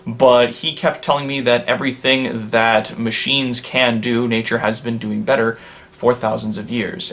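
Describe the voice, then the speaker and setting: A man of ordinary, middle pitch hosts a comedic vlog in character as an evil genius. He talks casually and rambles a little as he answers questions, then slips into grand villain bravado. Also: fairly bright tone. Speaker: vlog host in a supervillain persona.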